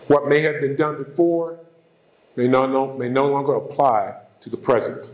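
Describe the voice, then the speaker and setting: A university president giving a formal address, speaking in measured, emphatic phrases with lists and repetition, from a podium mic in a large hall. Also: male voice, mid-range voice. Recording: echoey hall.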